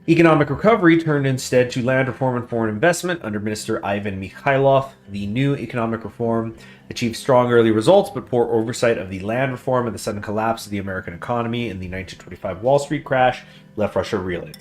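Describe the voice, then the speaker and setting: A man's voice: mid-range voice, fast. A man hosting a strategy game let's play, reading game text aloud in a chatty way and stumbling over foreign names. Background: faint guitar music.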